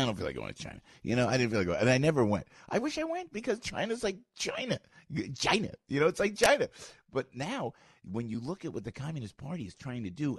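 An older man, hosting morning talk radio in a rambling, excitable way, with sudden squeaky jumps in pitch. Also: slightly rough, no room sound, clean studio sound. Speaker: radio morning show host. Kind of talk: animated talk radio monologue. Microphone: studio microphone.

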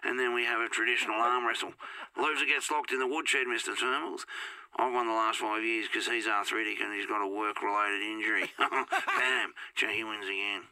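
Man doing a blunt female politician, low rough voice, brash, chuckling. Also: steady tone, moderate pace, sharp tone, no room sound, low-quality recording.

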